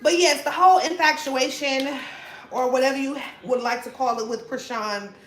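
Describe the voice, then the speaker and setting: High-voiced chatty woman in an echoey kitchen. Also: moderate pace. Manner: chatty, profane, laughs often, swings loud and soft. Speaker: vlogger. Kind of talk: casual cooking vlog chat. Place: home kitchen. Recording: echoey room, faint noise.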